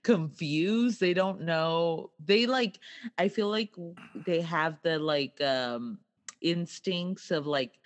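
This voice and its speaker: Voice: mid-range voice, slow pace. A speaker in casual conversation who laughs often and acts out quoted reactions. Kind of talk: casual chat.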